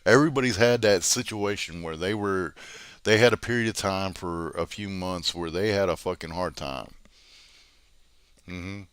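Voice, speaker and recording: A low-pitched man tears into someone in a swearing, berating rant. His voice sounds dry and close, with no room echo. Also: normal speed, a bit bright, smooth. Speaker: drama commentary host. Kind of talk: angry profane rant.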